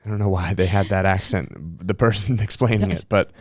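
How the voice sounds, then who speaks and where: A man's voice: low voice, a little fast, dry recording, clean studio sound. A man hosting a podcast, chatting candidly and telling stories with plenty of swearing. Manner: candid, swears freely, animated storytelling. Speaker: podcast host. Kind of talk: casual podcast conversation.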